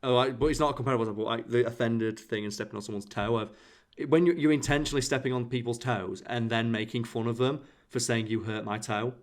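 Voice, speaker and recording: Man, podcast host, casual chat, mid-pitched voice, acts out quoted exchanges. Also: steady tone, fast talker. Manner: explains through everyday analogies, acting out quoted exchanges. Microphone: podcast microphone.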